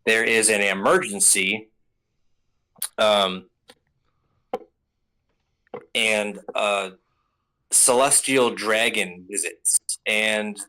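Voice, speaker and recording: A man's voice: on the low side, bright, forceful tone, rough recording. A young adult man hosting a casual review show, rambling through a recap with many fillers and some swearing. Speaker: podcast host.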